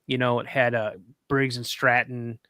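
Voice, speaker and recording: A man tells a long story in loose, casual talk, stumbling through restarts and fillers as he goes. His voice sits at an ordinary middle pitch. The recording is close and dry, with almost no room sound. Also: level tone, normal speed, sharp tone, dry recording. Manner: rambling, with many restarts and fillers; acts out other people's lines in a raised voice. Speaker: podcast guest.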